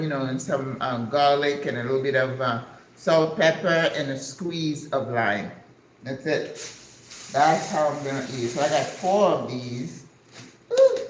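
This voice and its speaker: A woman's voice: low voice, roomy sound, a little hiss or hum, poor audio. A woman in her sixties, originally from the United States, chatting enthusiastically in a casual vlog as she unpacks groceries in her kitchen and drops in Spanish words. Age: 60s. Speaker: vlogger.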